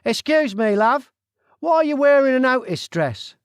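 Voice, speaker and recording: A man voicing a nosy, brash Cockney man with loud, blunt, slangy talk, in an audiobook. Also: extremely high pitch, big pitch swings, normal speed, clean tone, no echo, studio quality, pitched above the performer's own voice.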